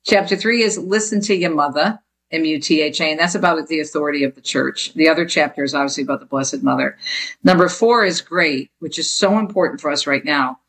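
A woman from Jersey City, New Jersey, a book author being interviewed, telling stories in an animated way. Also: sits low, fast, rough recording. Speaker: author guest.

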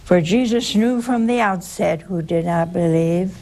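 An older woman with a gravelly voice speaks at a very slow, deliberate pace. She hosts a call-in religious show and teaches scripture to a caller, and she stresses her main points by repeating them. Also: fairly low pitch, darkish tone, slight background noise. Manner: slow, emphatic, repeats key phrases. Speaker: host answering a caller.

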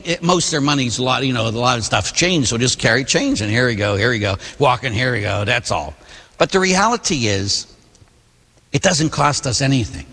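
A man's voice: medium pitch, a bit bright, breathy edge. A middle-aged man, a priest, giving a sermon full of personal stories, rambling and laughing at his own anecdotes. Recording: long church reverb.

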